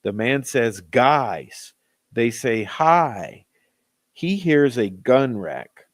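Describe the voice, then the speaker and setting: Male commentary host, unhurried and skeptical, mid-range voice. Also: medium pitch, lively intonation. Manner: slow, skeptical, exasperated. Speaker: channel host. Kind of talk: true-crime commentary.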